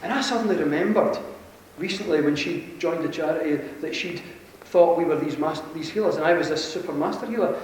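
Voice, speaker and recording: A Scottish man with a Glasgow accent telling an animated, self-deprecating story to a conference audience, chuckling often. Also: fairly high pitch, a little fast, few pauses. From Scotland. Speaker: conference speaker. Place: large conference hall. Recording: very echoey hall, mic far off, faint hiss.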